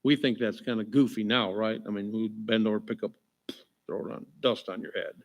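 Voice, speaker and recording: A man preaching a sermon as pastor, joking with the crowd and checking in with "right?", then reading scripture aloud slowly and with emphasis. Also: fairly low pitch, fairly even intonation. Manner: jokey, keeps asking the crowd "right?". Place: church.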